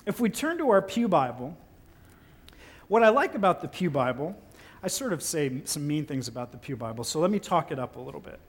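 A man preaching a sermon in a relaxed, conversational and playful way, breaking into exaggerated incredulous outbursts. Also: a little high, fairly quick, breathy edge. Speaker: pastor.

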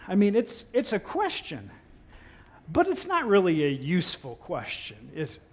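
A man preaching a sermon in a relaxed, conversational and playful way, breaking into exaggerated incredulous outbursts. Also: high voice, normal speed. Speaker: pastor.

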